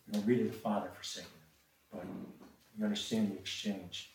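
A man's voice: fairly low pitch, fairly even intonation, brisk, darkish tone. A man preaching a sermon and reading scripture, often hesitating with repeated words and ums. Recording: echoey room from a distant mic.

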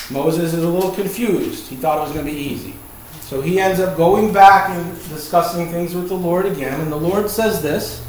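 A man's voice: on the high side, moderate pace, a little mellow, recorded from a distance, slight background noise. A man with a Virginia accent preaching a Bible lesson, emphatic and folksy, repeating his key points. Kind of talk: Bible teaching sermon. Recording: very echoey room.

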